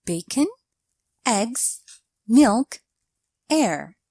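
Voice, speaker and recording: Woman grammar teacher for a scripted lesson, slow and measured, bright-ish higher voice, dry close sound. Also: sing-song, dry recording. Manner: measured, explanatory delivery reading out example sentences.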